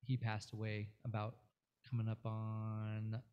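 A man's voice: lowish voice, monotone, a little slow, smooth, lo-fi sound. A man appearing as a guest musician, telling a rambling story in casual interview chat, full of fillers and restarts.

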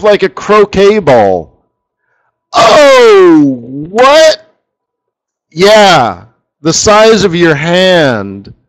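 A man's voice: on the high side, poor audio. A middle-aged man hosting a casual live trading webinar, talking in a rambling, chatty way with asides about his screen tools. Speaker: forex market strategist hosting a live webinar.

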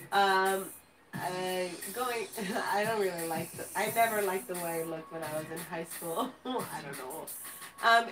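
A woman's voice: mid-range voice, far from the mic, rough recording. A woman in her thirties from California, Spanish her first language, chatting casually on a live stream, rambling and giggling at herself. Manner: rambling, giggly, self-teasing. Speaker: host.

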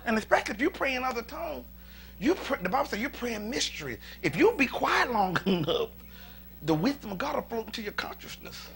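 A man's voice: very high-pitched, big pitch swings, brisk, gravelly, fairly bright tone, slight background noise. A male pastor preaching a sermon in a church, talking conversationally, repeating words and chuckling often.

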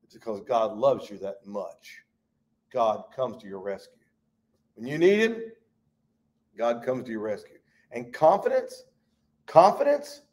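A man leading a Bible study, preaching fervently in a folksy way and swinging between loud and hushed. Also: medium pitch, expressive, measured pace, long pauses.

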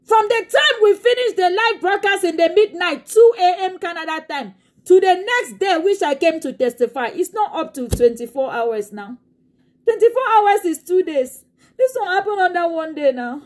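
Very high-voiced impassioned woman preacher. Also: expressive, normal speed. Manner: impassioned, swings into tearful shouting. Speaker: pastor. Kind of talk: sermon.

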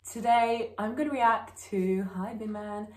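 A woman's voice: on the high side, wildly swooping pitch, takes it slowly, darkish tone, far from the mic. A young woman chatting casually as she reacts to a video at home, joking and swearing freely. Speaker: YouTube reactor. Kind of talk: casual reaction vlog chat. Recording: roomy recording with faint music behind.

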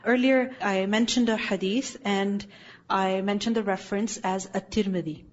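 Speaking at normal speed in a steady, mid-range voice, a woman leads an Islamic studies lesson in a classroom, mixing lecture with questions. Her manner is firm and corrective, with regular checks on whether students follow, all captured in lo-fi sound.

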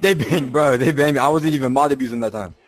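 A man's voice: mid-range voice, fast. A man being interviewed as a player, casual and boastful, who laughs through his story, recorded on a headset mic.

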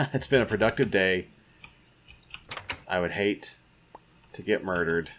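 Deep-voiced man muttering through a game. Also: a little slow, a bit bright, slight background noise. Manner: mutters to himself and taunts game creatures. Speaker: gamer. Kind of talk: casual let's-play commentary.

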